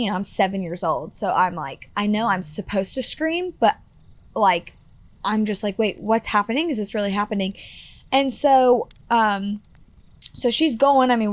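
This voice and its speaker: A woman's voice: mid-range voice, no echo. Earnest young woman, dry close sound. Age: 20s. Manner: earnest, heavy on fillers like "like" and "you know". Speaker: guest. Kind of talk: personal storytelling in a podcast interview.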